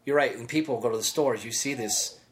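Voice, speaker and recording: A man talking earnestly in a relaxed podcast conversation. His pitch sits in an ordinary middle range, and he rambles through points with small restarts and quick self-aware asides. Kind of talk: casual conversation.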